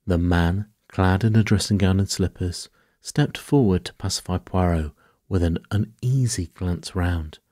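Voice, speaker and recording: A man reading a bedtime story as narrator, in a soft, even delivery. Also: low-pitched, unhurried, no echo, clean studio sound.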